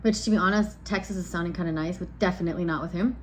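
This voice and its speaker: A woman's voice: lowish voice, steady tone, racing, a little hiss or hum. A woman in her thirties telling a dating story in casual vlog chat, frank and blunt, often losing her train of thought and circling back. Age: 30s. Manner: blunt and exasperated. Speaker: vlogger.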